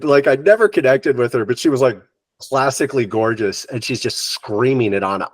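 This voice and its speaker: Man, middle-aged, yoga teacher, animated storyteller, dry sound. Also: medium pitch, a little fast, dry recording. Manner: animated, acts out what others said. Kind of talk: personal storytelling in an interview.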